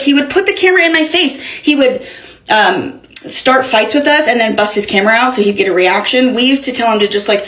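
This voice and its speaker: Animated, swearing young woman telling a story. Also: on the high side. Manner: animated, profane, dramatic retelling. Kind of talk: casual storytime vlog. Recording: echoey room.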